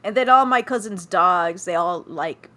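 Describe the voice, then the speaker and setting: A woman's voice: on the low side, measured pace. A young woman hosting a livestream interview, chatting casually and laughing often. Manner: giggly, animated storytelling. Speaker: livestream host.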